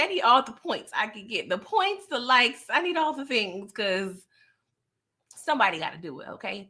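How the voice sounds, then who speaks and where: A woman's voice: on the high side, moderate pace. A woman casually recapping a TV series, acting out the characters' lines with lots of laughs. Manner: animated, acts out characters' lines, laughs often. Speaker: TV recap YouTuber.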